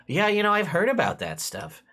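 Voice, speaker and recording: A man's voice: high-pitched, brisk, voice pushed up, full character voice. A game master voicing an eager young boy who rambles on about rumors he has heard. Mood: excited. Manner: breathless, rambling, excitable. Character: young boy, Toblin's son, eager gossip. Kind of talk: tabletop game voice acting.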